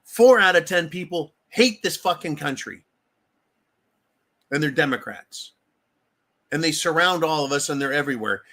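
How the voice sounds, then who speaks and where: A man's voice: fairly high pitch, bright, forceful tone. A man hosting a live stream, ranting heatedly with frequent swearing and calling his listeners folks. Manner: keeps addressing listeners as folks. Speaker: livestream host.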